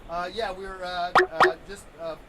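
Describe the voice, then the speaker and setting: A man's voice: high-pitched, steady tone, measured pace, bright, forceful tone, rough recording. A man hosting a live talk show while walking on a treadmill, rambling with many fillers and restarts. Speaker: show host painting on a treadmill.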